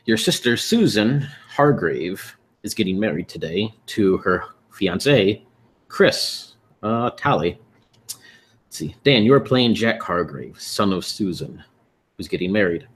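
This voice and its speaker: A man's voice: fairly low pitch, takes it slowly, breathy edge. A man running a tabletop game as game master, laid back, recapping characters and setting the scene. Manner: relaxed, laughs easily, recaps patiently.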